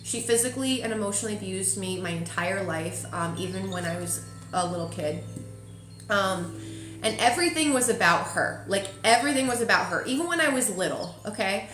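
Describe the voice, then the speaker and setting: A woman's voice: mid-range voice, animated, fairly quick, a bit bright, a little hiss or hum. Chatty woman in an echoey room. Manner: emotional, chatty, asks "okay?" often. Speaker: intuitive reader. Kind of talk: casual spiritual forecast talk. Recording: echoey room with faint ambience.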